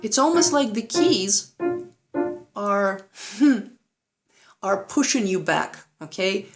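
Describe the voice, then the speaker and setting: With big pitch swings and drawn-out words in a mid-range voice, a woman piano teacher guides a play-along lesson as a piano plays behind her in the room. She's patient, often asks "right?", and counts and sings rhythms aloud during her demonstrations.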